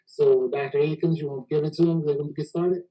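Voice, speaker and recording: A man's voice: fairly high pitch, steady tone, fast, dark tone, poor audio. A man from Texas hosting a casual panel discussion, easygoing and joking, often repeating words as he gets going. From Houston, Texas. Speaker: host.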